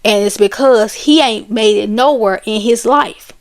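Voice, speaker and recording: A woman's voice: fairly high pitch, a little slow. Chatty woman recapping a story. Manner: conversational, animated, chatty asides. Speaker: book and movie reviewer.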